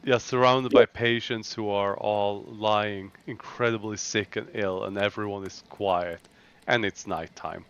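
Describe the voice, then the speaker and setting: A man narrating as dungeon master in a tabletop game, giving calm, matter-of-fact rulings and scene descriptions. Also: on the low side, unhurried, smooth, lo-fi sound.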